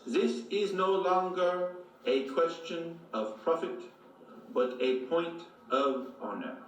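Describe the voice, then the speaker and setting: A proud 1840s French colony founder, played by a man in a put-on French accent, declaiming slowly and formally about honor and duty. His voice sits a little high and unhurried. It comes from a video playing in a roomy hall, heard from a distance with faint room noise. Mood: earnest. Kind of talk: filmed museum reenactment.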